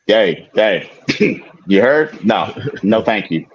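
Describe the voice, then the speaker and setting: A man's voice: fairly low pitch, very animated, slow, lo-fi sound. A man co-hosting a podcast, telling a story in casual chat, laughing often and swearing freely. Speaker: podcast co-host.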